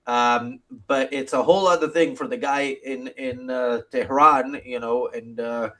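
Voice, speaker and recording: Male host, rambling stream commentary, halting delivery. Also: mid-range voice, steady tone, a bit bright. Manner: rambling, hesitant, filler-heavy.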